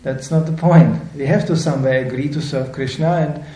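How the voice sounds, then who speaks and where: Animated older man lecturing in an echoey room. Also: on the high side, a little fast. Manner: animated storytelling, acting out voices in quotes. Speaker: spiritual teacher.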